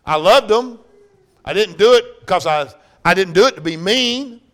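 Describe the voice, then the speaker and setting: A man's voice: expressive, moderate pace. Fiery male preacher with big swings. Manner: swings from loud shouting to hushed, low-voiced speech. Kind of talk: sermon.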